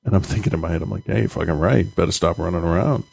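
A man's voice: low voice, racing, gravelly, a little mellow, breathy edge. A man in his thirties talking casually as a podcast co-host and father, blunt and swearing, laughing at himself. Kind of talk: casual chat.

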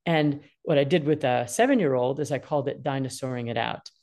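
A woman's voice: very deep voice, fairly quick. A woman in her sixties talking casually as a guest, giving parenting advice and acting out what children feel. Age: 60s. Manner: expressive, acts out children's voices in quotes.

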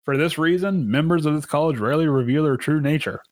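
A man's voice: fairly high pitch, fast, no echo. A man co-hosting a casual podcast who laughs often, swears freely and reads game rules aloud. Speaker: podcast co-host. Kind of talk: casual chat.

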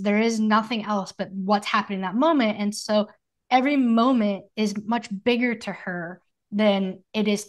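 A woman in her thirties talks through her ideas in a relaxed, earnest way. She is a podcast co-host with a mid-range voice, thinking aloud in long, flowing sentences. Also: medium pitch. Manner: reflective, earnest, speaks in flowing thoughts. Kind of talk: casual conversation.

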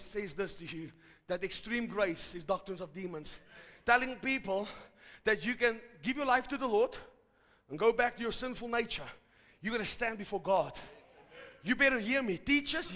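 A man preaching a fervent sermon to a live congregation, rising to shouts at its peaks. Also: sits high, animated, moderate pace. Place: large church hall. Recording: hall reverb from a live service.

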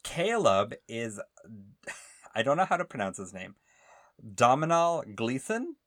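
A man co-hosting a casual movie podcast, playful and teasing. His voice is bright, with a lively, swinging pitch. The sound is close and dry, with a little music underneath. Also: dry recording. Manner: playful, teasing, quick laughs. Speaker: podcast co-host. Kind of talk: casual chat.

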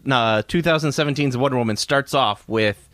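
A man's voice: medium pitch, a little fast, a bit bright. A man co-hosting a casual movie podcast, joking and rambling with frequent laughter. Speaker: podcast co-host. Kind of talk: casual movie-discussion chat.

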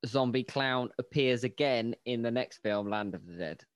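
A man's voice: medium pitch, moderate pace, clean tone, no room sound, clean studio sound. A man co-hosting a casual film podcast, jokey and crude in his banter. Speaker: podcast co-host. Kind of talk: casual film review chat.

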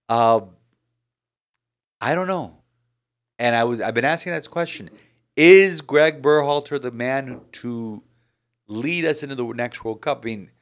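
Animated man chatting about sports. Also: medium pitch. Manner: animated, rambling, frequent restarts. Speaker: podcast host. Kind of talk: casual sports chat.

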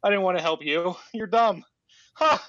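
A man's voice: high voice, moderate pace, pushed and bright, no echo, muffled recording, voice pushed up. A man voicing a treacherous male demon who gloats and mocks in a childish, jeering way. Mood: gloating.

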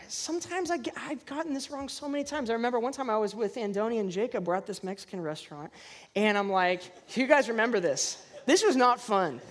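A pastor preaching to a congregation, telling personal stories with self-deprecating humor and lively acted-out asides. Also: medium pitch. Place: church service before a congregation.

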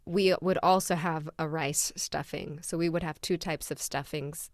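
A woman co-hosting a podcast in casual chat, telling family stories in an animated way with frequent laughter. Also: sits low, normal speed, no echo, studio quality. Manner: animated storyteller, laughs often. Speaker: podcast co-host.

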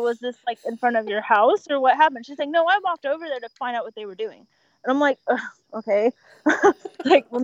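A woman who works as an emergency dispatcher, chatting casually and telling animated stories, often laughing and acting out what callers said. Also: on the high side, no room sound, muffled recording. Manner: animated storyteller, laughs often, acts out quotes. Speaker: 911 dispatcher. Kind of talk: casual podcast chat.

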